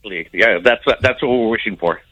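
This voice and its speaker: A man calling in to a sports radio show, explaining a point haltingly with repeats. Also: fairly low pitch, pushed and bright, poor audio. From San Antonio area, United States. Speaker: caller. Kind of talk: casual call-in chat.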